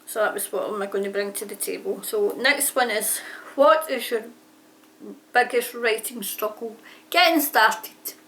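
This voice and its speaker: A woman's voice: on the high side, a little slow, a bit bright, a little hiss or hum. A woman chatting casually about her writing, rambling and often correcting herself mid-sentence. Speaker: aspiring author answering a tag. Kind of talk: casual chat. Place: home near a railway line. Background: trains passing.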